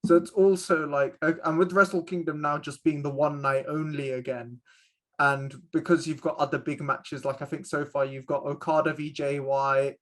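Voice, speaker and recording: Higher-voiced guy chatting easy on a podcast, laid back. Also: little pitch movement, moderate pace, fairly bright tone. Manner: easygoing, chatty, laughs along. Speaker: podcast co-host. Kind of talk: casual podcast chat.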